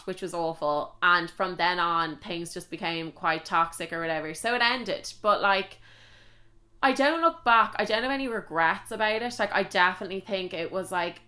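Chatty young Irish woman telling a story. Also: on the low side. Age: young adult. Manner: chatty, animated, swears, many "like" fillers. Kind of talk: casual storytime vlog.

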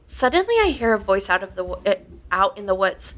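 A woman's voice: mid-range voice, lively intonation, moderate pace, a bit bright. A woman podcast host casually reading a horror story aloud, swearing freely and laughing between lines.

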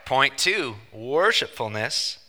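A man preaching in a lively, swooping voice with a very bright, forceful edge. He drives his points home emphatically and slips in joking asides. His voice rings out with a long reverb through a church hall. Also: medium pitch, slow. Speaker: pastor. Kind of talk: sermon. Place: church sanctuary.

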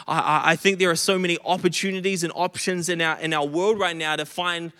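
Male preacher, earnest sermon, high voice, echoey church hall. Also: steady tone, a little fast, sharp tone, clear, resonant tone. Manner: earnest, stumbling restarts, stresses repeated phrases. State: recovering from illness, short of breath.

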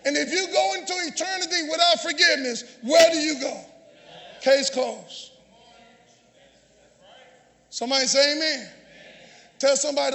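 A man preaching a sermon, shouting call-and-response lines to his congregation and often repeating or restarting phrases. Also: extremely high pitch, moderate pace, creaky, long pauses. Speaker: pastor. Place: large church sanctuary. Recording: long church reverb, faint congregation.

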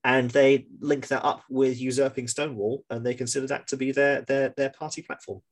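A man's voice: mid-range voice, little pitch movement, fairly quick. A man co-hosting a podcast in casual political chat, swearing freely and stumbling over repeated words. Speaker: podcast co-host.

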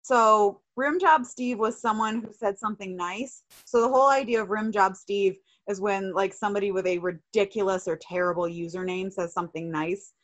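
A woman's voice: mid-range voice, normal speed, hardly any pauses, a bit bright. A woman chatting casually, telling a story in an exasperated, sarcastic way. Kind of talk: casual chat.

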